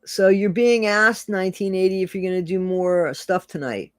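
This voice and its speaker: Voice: medium pitch, normal speed, hardly any pauses, dry recording, clean studio sound. A person hosting a casual livestream, chatting loosely and reading viewer comments aloud, repeating phrases and laughing often. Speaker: livestream host.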